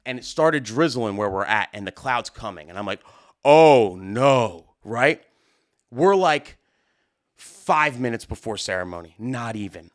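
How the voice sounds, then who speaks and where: A man hosting a live stream, telling a story in a casual, animated way with lots of fillers. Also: mid-range voice, normal speed. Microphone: studio mic at a desk.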